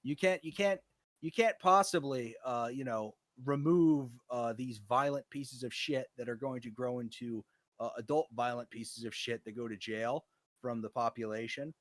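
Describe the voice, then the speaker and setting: A man's voice: mid-range voice, normal speed, dry recording. An American man chatting casually, swearing freely as he rants through stories about his old job. His voice sits mid-range and sounds close and dry, with no room around it. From United States. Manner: profane, ranting storyteller. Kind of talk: casual chat.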